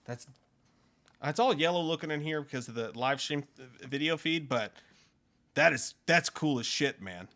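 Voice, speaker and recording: A man's voice: on the high side, expressive, normal speed, sharp tone. A man co-hosting a casual live stream, laid-back, swearing casually and thanking viewers. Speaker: co-host.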